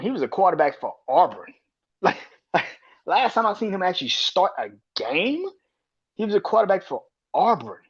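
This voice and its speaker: A man hosting a solo sports podcast, talking in an animated, profane, exasperated way. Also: a little high, husky, muffled recording. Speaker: podcast host. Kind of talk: solo sports commentary rant.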